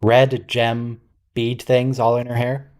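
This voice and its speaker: Man, casual running commentary, wry and quizzical, warm mellow tone. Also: medium pitch, monotone, takes it slowly. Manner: wry, quizzical, thinking aloud. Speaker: host of a watch-along.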